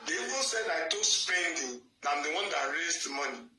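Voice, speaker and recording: A man with a high, very bright voice talks in an agitated, defensive way, repeating himself as he answers accusations. He sounds set back from the mic in an echoey room, with faint music behind him. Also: big pitch swings, normal speed, distant mic. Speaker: person answering accusations on a live call-in. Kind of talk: heated live-stream chat.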